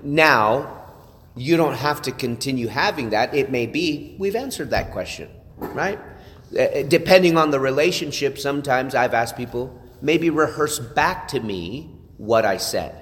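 A man of medium pitch speaks to a gathered group in a hall with a long, ringing reverb. He tells his story earnestly and conversationally, restarting his sentences and dropping in "right?" as he goes. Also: animated, a little slow, a bit bright. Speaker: church leader sharing testimony. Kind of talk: testimony talk to a church group.

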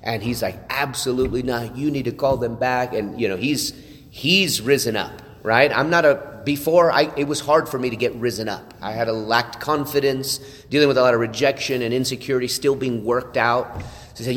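A man's voice: medium pitch, moderate pace, fairly bright tone. Earnest man telling a story in a reverberant hall. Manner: earnest storytelling with repeated restarts and "right?" asides. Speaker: church leader sharing testimony. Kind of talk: testimony talk to a church group.

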